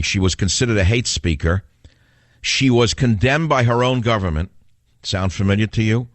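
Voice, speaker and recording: A man's voice: lowish voice, moderate pace, no echo. A man with a New York accent hosting a talk radio show, delivering a combative, sarcastic monologue full of rhetorical questions.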